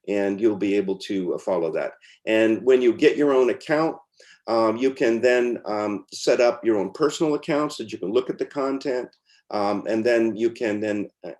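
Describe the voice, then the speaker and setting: A man's voice: fairly low pitch, a little mellow. A man teaching as he walks through pronunciation lessons on screen, in an informal way with fillers and restarts. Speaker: teacher demonstrating software. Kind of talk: screen-share walkthrough.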